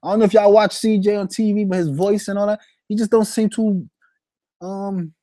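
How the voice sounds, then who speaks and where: Slangy young man with a mellow voice. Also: high-pitched, normal speed, no room sound. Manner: slangy, animated, reads chat shout-outs. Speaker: fantasy sports streamer. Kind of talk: casual live-stream chat.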